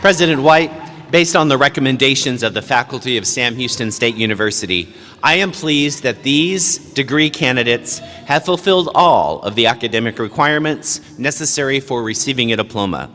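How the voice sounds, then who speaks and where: A man speaks in a formal, measured way as he presents candidates at a graduation. His voice is bright and forceful. It carries through a large hall with a long reverb and faint ambience behind it. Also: mid-range voice, expressive, slight background noise. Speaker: provost.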